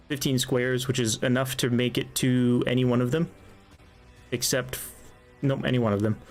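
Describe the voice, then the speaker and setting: A man running a tabletop role-playing game as game master, casually explaining the rules with plenty of fillers. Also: mid-range voice.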